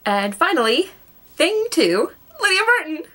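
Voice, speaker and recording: A young woman gushing excitedly about a TV show in a casual vlog. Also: sits high, measured pace. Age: young adult. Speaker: guest vlogger.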